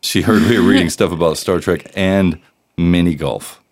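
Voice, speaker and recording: A man's voice: low-pitched, normal speed. A man co-hosting a casual podcast, trading dry, sarcastic quips. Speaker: podcast co-host. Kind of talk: casual chat.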